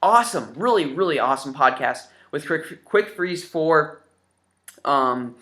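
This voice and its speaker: Bright, eager young man gushing. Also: a little high, expressive, a little slow. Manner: enthusiastic and rambling, with many fillers. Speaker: gaming YouTuber showing his new games. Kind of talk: casual vlog.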